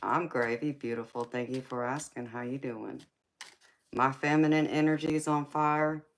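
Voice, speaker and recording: A woman's voice: rumbling low, steady tone, normal speed. A woman hosting a live tarot stream, chatting casually and teasingly with viewers, calling them baby and sweetheart. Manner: playful, teasing, calls viewers baby and sweetheart, laughs often.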